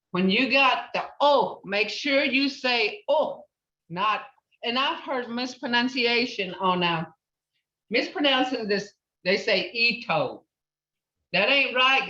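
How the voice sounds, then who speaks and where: A woman teaching a language class, patiently repeating words slowly to model pronunciation. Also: medium pitch, bright, forceful tone. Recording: roomy, distant, dull lo-fi classroom recording.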